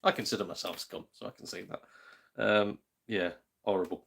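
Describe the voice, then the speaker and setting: A man's voice: deep voice, steady tone, normal speed, creaky, a bit bright. A man with a British accent hosting a gaming channel, chatting casually on a livestream and reading out viewer comments, joking, laughing often and swearing mildly. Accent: British English.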